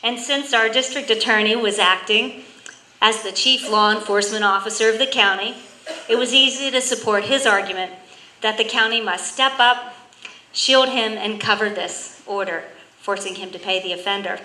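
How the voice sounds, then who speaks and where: A woman delivers a prepared tribute in a measured, formal manner, reading steadily from notes. Her voice is bright and forceful, and it carries a roomy echo. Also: medium pitch, fairly even intonation. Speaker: county commissioner giving a tribute.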